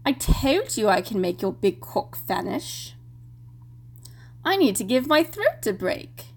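A woman's voice: on the high side, sing-song, slight background noise, full character voice. A woman playing a teasing young student witch. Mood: playful.

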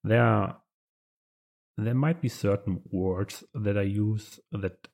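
Gravelly German-accented man, hesitant. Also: on the low side, takes it slowly, a little mellow. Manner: hesitant, many fillers and restarts. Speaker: guest writer. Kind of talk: casual interview chat.

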